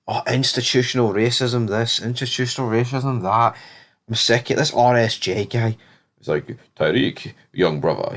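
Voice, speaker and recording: A man recapping a TV episode in a rambling, blunt, opinionated way. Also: fairly low pitch. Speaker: TV show reviewer.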